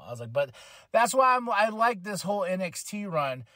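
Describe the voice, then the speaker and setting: A man hosting a casual wrestling podcast, telling animated stories with laughs and acted-out quotes. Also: high voice, fairly quick, no room sound, studio quality. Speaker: podcast host. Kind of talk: casual wrestling recap chat.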